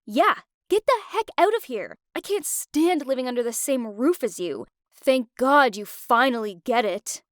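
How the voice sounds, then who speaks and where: A woman voicing a jealous, spiteful young woman in an animated story. Her voice is high and dry, with no room sound around it. She speaks sarcastically, every line cutting. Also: unhurried, no room sound.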